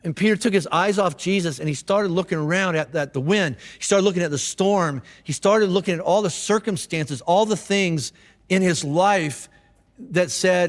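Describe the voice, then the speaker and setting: A man's voice: high-pitched, moderate pace, big-room sound. A man preaching a sermon as a pastor, telling the story in a casual, conversational way with frequent restarts. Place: church auditorium.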